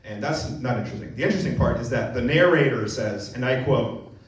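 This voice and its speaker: A young man doing a self-mocking stand-up comedy set, jumping into acted voices and going from mumbled asides to loud punchlines. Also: brisk. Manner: animated, self-mocking, jumps into high-pitched acted voices. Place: comedy venue with a live audience. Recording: roomy, distant live club recording with crowd laughter. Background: audience laughing.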